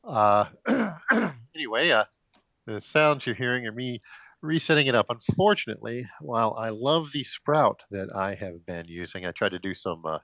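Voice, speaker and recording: A middle-aged man rambling casually on a cheap wireless gaming headset, halting with filler sounds, restarts and frequent throat clearing, slightly out of breath. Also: medium pitch, lively intonation, fairly bright tone, dry recording. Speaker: vlogger.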